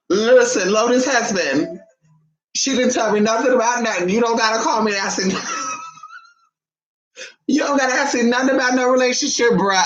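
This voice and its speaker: In a casual to-camera chat, a sassy woman vlogger keeps calling her listeners honey, her voice swinging between high and low. It sounds a bit bright, with the highs cut off.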